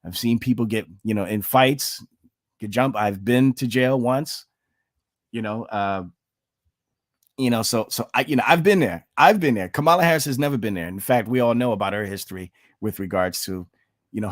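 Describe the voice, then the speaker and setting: A man's voice: on the low side, a little fast, no echo, clean studio sound. Blunt man doing reaction commentary. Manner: peppers talk with "okay?" and "you know", blunt and sarcastic; shifts into preaching when citing scripture. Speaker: online commentator.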